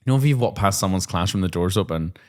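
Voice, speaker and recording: A man in his thirties, a teacher co-hosting a chat show, telling lively stories and acting out classroom voices. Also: low-pitched, fast. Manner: animated storyteller, acts out classroom voices. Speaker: podcast co-host, teacher. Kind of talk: casual chat.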